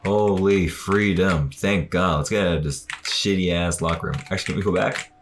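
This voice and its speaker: A man's voice: low voice, moderate pace, background noise. A man streaming a video game, joking and swearing through casual commentary. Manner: joking, swearing, animated reactions. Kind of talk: casual let's-play commentary.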